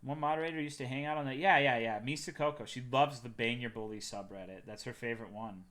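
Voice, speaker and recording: A man's voice: mid-range voice, quick pace, fairly bright tone. A young man from Texas, a livestreamer chatting casually with his viewers in a loose, profane and joking way.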